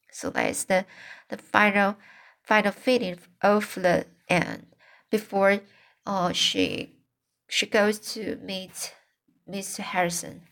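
Slow woman reading a novel aloud. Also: mid-range voice, fairly even intonation, gravelly, fairly bright tone. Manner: unpolished reading with slips and self-corrections. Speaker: audiobook reader.

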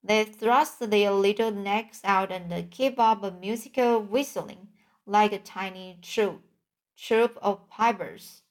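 A woman reading a children's storybook aloud, gently and with small slips. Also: medium pitch, slow. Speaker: audiobook reader. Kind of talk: storybook narration.

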